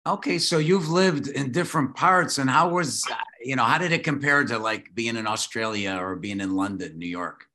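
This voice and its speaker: Man, interviewer, bright tone, hesitant, restarts questions. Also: mid-range voice, moderate pace.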